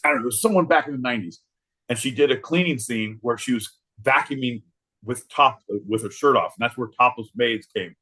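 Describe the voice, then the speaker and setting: A man's voice: medium pitch, brisk, sharp tone. A man co-hosting a podcast, rambling through crude jokes and laughing often in casual banter. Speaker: podcast co-host.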